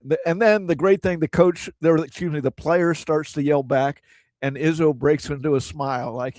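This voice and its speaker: A man's voice: on the high side, fairly even intonation, normal speed, a little mellow, dry recording. A middle-aged man co-hosting a sports talk radio show, chatty and often repeating words as he finds his point.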